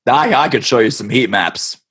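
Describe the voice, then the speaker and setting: A man's voice: medium pitch, animated, normal speed, a bit bright, slightly rough. A man co-hosting a casual podcast, making wry, teasing remarks. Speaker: podcast co-host.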